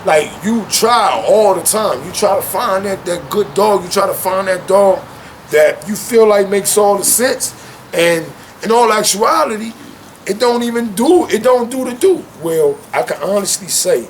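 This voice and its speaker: A man's voice: high-pitched, a little slow, slight background noise. A young man talking casually and animatedly at home with his dogs, dropping "man" into nearly every thought. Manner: animated, loose slang-heavy talk with frequent "man". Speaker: guest. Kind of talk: casual chat.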